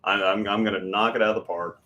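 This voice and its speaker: Co-hosting a casual bowling podcast, a man rambles, pokes fun at himself and often restarts his sentences. His voice is on the low side with fairly even intonation, fast and sharp, and the sound is lo-fi.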